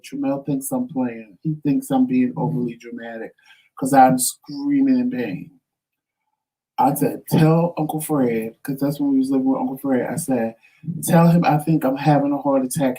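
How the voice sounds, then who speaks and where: Talk show co-host, male, animated storyteller, mellow voice recorded a little off-mic. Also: mid-range voice. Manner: animated, dramatic storyteller acting out quotes. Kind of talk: casual storytelling chat. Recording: voice somewhat distant from mic.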